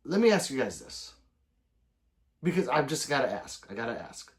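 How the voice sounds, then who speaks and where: A man hosting a casual livestream, reading viewer comments aloud, joking and swearing freely with loud sudden outbursts. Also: medium pitch, very animated, normal speed. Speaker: gun channel livestream host.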